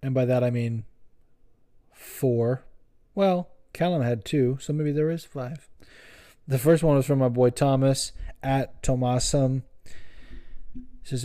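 A man hosting a solo podcast, chatting loosely and cursing freely as he circles back to correct himself. His tone is soft and mellow at a middle pitch. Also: normal speed. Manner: profane, rambling, self-correcting. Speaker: podcast host. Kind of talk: casual solo podcast chat.

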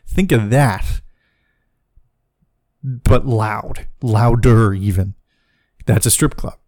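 A man hosting a podcast, telling a comic personal story in a profane, animated way, laughing as he goes. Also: on the low side, very slow, dry recording, studio quality. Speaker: podcast host.

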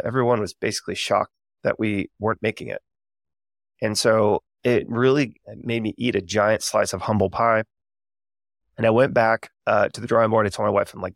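A man's voice: fairly low pitch, fairly even intonation, moderate pace, gravelly, no room sound, clean studio sound. A man in his thirties hosting a podcast, telling a candid, reflective story in a casual way with many fillers. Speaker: podcast host.

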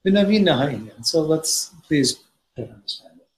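A man's voice: a little high, animated, moderate pace. A man teaching a Torah study class, reading Hebrew passages aloud and explaining them in English with frequent restarts. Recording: roomy echo, faint noise.

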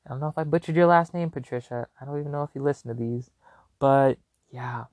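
A young man hosting a podcast, telling a long story in a casual, animated and rambling way with lots of fillers. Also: mid-range voice, fast talker, dry recording. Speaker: podcast host.

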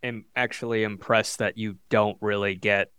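Man, podcast guest, casual chat, halting with fillers, smooth voice, dry sound. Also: lowish voice, level tone, a bit bright, no echo.

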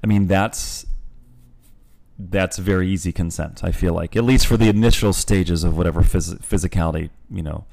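A man's voice: sits low, moderate pace, vocal fry, darkish tone. A man co-hosting a podcast, speaking candidly and thoughtfully in long winding sentences. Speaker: podcast co-host. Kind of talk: casual podcast chat.

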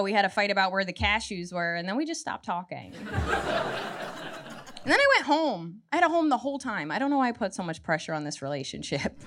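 A woman's voice: medium pitch, a bit bright. A woman in her thirties doing a stand-up comedy set, telling wry, self-mocking stories that build to punchlines. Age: 30s. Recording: noisy live stand-up recording.

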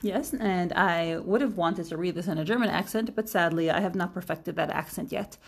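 Creaky-voiced woman with wry asides. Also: fairly low pitch, normal speed. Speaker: podcast co-host. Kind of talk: casual chat.

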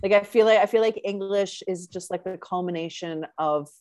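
A woman's voice: mid-range voice, moderate pace, mellow, dry recording. A woman hosting a podcast, chatting enthusiastically and casually with lots of fillers and giggles. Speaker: podcast host.

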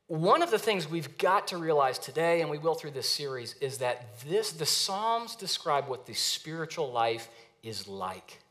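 A man's voice: fairly high pitch, lively intonation, moderate pace, a bit bright. A man preaching a sermon as pastor, earnest and dramatic when reading scripture, with frequent restarts.

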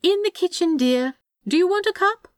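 A woman's voice: medium pitch, very animated, moderate pace, no echo, clean studio sound. A woman reading aloud and voicing a fussy, doting male angel who tuts primly and stays unbothered. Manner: prim, tutting, affectionate.

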